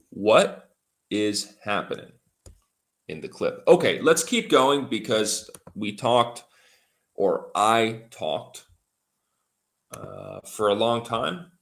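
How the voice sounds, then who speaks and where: A man teaches English on a livestream in a fairly low voice. He talks very slowly and repeats each new word so learners can follow. Keyboard typing is heard in the background. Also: fairly bright tone. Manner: slow, repeats and spells out words for learners. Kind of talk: livestream language lesson.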